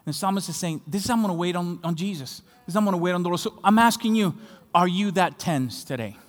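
A man from Latin America preaching a sermon as pastor, building passionately and rising to shouts on key phrases. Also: high voice, quick pace, faint music behind. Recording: long hall reverb.

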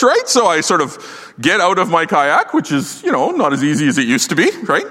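A middle-aged man preaching a sermon in a lively, joking, conversational way. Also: a little high, normal speed. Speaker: pastor. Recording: long hall reverb.

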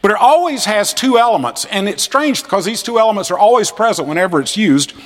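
A man giving a classroom lecture on scripture, animated and fond of acting out the voices he quotes. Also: sits high, fast talker, in a large hall. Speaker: seminary lecturer.

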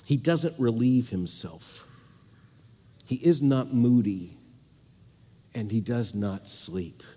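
A man preaching a sermon with strong emphasis, repeating phrases and swinging between loud declarations and quiet asides. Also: medium pitch, expressive, slow pace, breathy edge, big-room sound.

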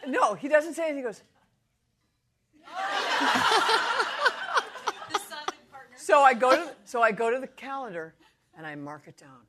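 A woman's voice: sits high, lively intonation, measured pace, pauses often, background noise. A middle-aged woman giving a humorous devotional talk, playful and self-mocking, laughing often. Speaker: Bible teacher.

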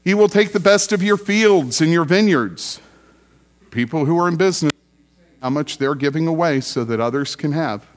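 A man preaching to his congregation, with a voice pitched a little above the usual. He talks in a relaxed, conversational way and drives his points home by repeating short phrases. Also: moderate pace. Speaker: pastor. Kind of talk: sermon.

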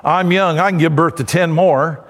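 A man's voice: a little high, moderate pace, fairly bright tone, in a large hall, close to an everyday voice. A man voicing a scornful young servant woman who taunts an older woman with a sneering laugh. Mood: taunting.

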